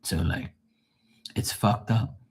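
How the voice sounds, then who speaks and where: A middle-aged man talking casually and frankly to his live viewers, grieving, rambling and swearing freely. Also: slow pace. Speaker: livestream host.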